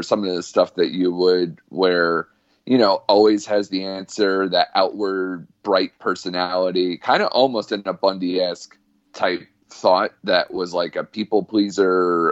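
A man's voice: deep voice, dry recording, muffled recording. A man chatting casually as a podcast guest, rambling and full of fillers.

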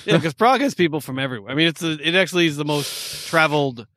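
A man co-hosting a podcast, tossing out quick jokes while tasting beer. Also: a little high, animated, fairly bright tone, no echo. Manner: quick, joking asides. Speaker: podcast co-host. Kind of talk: casual beer-tasting chat.

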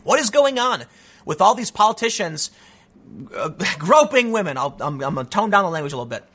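Male solo commentary host, high lively voice, bright tone, sarcastic and stammering. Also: fairly quick. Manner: animated, mocking, stammers repeats.

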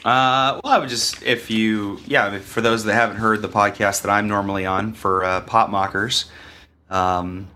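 A man sits in as a guest on a casual podcast, his voice scratchy from a cold. He speaks low but with a bright, forceful tone. His phrasing is halting and courteous, dotted with uhs. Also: fairly even intonation. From Sacramento area, US. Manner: halting, many uhs, polite.

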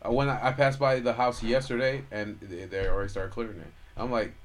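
A podcast co-host with a medium-pitched, steady voice talks a little fast. He chats casually with his friend, trading laid-back, joking banter.

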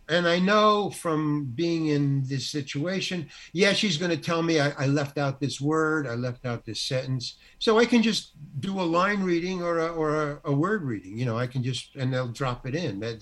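An older man, an actor guest, telling an anecdote in an animated, self-deprecating way and acting out the dialogue. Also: on the high side, normal speed, hardly any pauses. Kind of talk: anecdotal storytelling.

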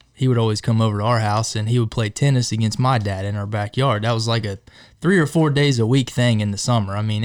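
A man's voice: lowish voice, smooth. A young man co-hosting a casual podcast chat, easygoing and agreeable as he tells childhood memories. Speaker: podcast co-host.

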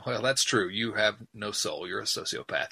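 A man's voice: lowish voice, normal speed, vocal fry, bright, forceful tone, breathy edge. A man hosting a casual sports podcast, joking, laughing at himself and rambling through asides. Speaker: podcast host.

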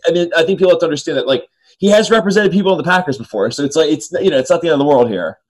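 A man's voice: a little high, expressive, racing, rough recording. A man co-hosting a sports talk show, joking and self-deprecating, his voice cracking now and then. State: voice keeps cracking. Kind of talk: casual sports chat.

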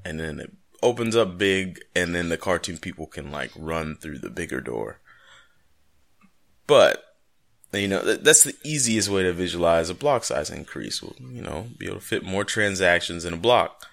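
A man's voice: low-pitched, big pitch swings, moderate pace, gravelly, a bit bright. A man co-hosting a casual podcast, joking and rambling through his explanations. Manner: jokey, rambling, playful asides. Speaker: podcast co-host.

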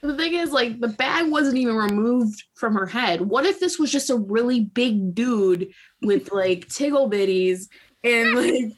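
A woman's voice: on the high side, lively intonation, unhurried, husky. A woman recapping a book in casual chat. She talks in a loose, sarcastic way, full of fillers and asides. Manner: chatty, sarcastic, lots of "like" and "um". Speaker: podcast host.

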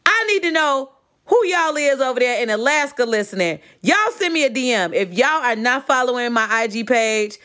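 A woman's voice: fairly high pitch, moderate pace, clear, resonant tone. A woman from Chicago hosting her own podcast, talking casually and animatedly to her listeners. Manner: chatty and animated, addressing listeners as "y'all". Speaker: podcast host. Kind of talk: casual solo podcast talk. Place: home.

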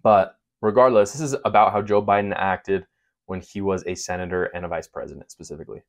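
In a fairly low, steady voice and at a slightly fast clip, a man delivers a heated political opinion monologue. Sarcasm and indignation drive his points home as he addresses viewers directly, building a case like a commentator.

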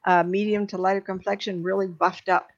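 A middle-aged woman, a psychic medium, giving readings on a live stream in an emotional, chatty way with many fillers and pauses. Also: medium pitch, level tone. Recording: dull lo-fi stream audio.

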